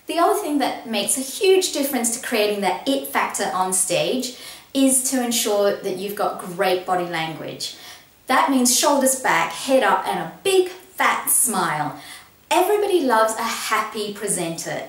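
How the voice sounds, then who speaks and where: A woman's voice: mid-range voice, echoey room, recorded from a distance, low-quality recording. A woman giving an upbeat, encouraging lesson on presenting, stressing key words as she talks to the camera. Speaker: presentation coach. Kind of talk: instructional talk to camera.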